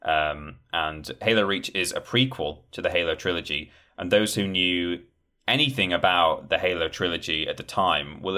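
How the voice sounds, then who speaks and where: Deep-voiced man chatting casually. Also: pushed and bright. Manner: rambling, many ums, acts out quoted lines. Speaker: podcast guest discussing game trailers. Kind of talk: casual chat.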